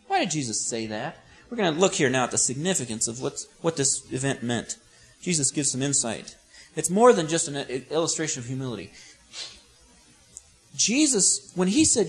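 A man's voice: on the high side, very animated, moderate pace. A man preaching an expository sermon, telling the story vividly with humorous asides.

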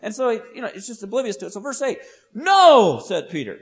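A man's voice: very high voice, racing. A man preaching an expository sermon, telling the story vividly with humorous asides.

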